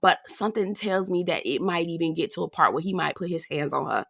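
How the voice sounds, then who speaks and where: A reality TV reviewer gives casual, sassy, outspoken commentary on a show, talking straight to her viewers. Her voice is fairly low, creaky and husky, with lively intonation and a quick pace.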